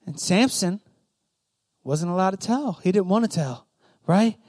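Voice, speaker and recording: A man's voice: sits high, expressive, measured pace, darkish tone. A young man preaching a sermon to youth, emphatic and repetitive, checking in with the crowd with "right?".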